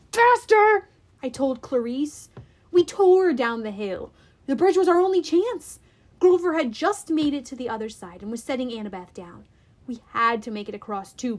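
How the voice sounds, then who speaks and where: A woman reading a first-person adventure aloud, expressive and deliberate. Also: high-pitched. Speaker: audiobook reader. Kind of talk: dramatic first-person storybook narration.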